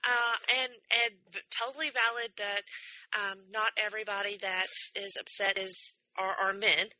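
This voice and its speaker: Woman podcast co-host, very bright tone, dry close sound, short agreeing replies. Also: medium pitch, steady tone, dry recording, poor audio. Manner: quick agreeing backchannel, thoughtful replies. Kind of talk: casual chat.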